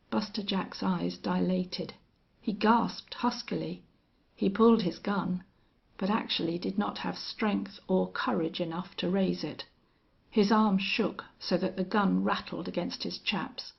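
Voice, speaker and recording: A woman reads a western novel aloud at a slow, deliberate pace. Her voice is husky with a gravelly fry, and the recording is dull and lo-fi. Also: lowish voice, fairly even intonation. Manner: measured storytelling. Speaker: audiobook narrator. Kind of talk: audiobook narration of a western novel.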